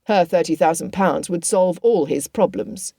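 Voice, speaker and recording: A woman reading an audiobook voices a protective young officer, speaking roughly and earnestly. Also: lowish voice, moderate pace, dark tone, dry recording, clean studio sound. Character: wry protective cousin, a young army officer.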